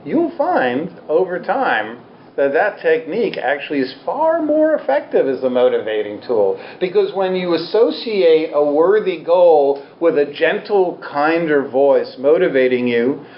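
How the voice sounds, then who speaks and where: A man gives a candid, humorous, self-deprecating dharma talk to a live audience. His voice is a little high and sing-song and he goes a little slowly, in a roomy, slightly dull recording with slight background noise.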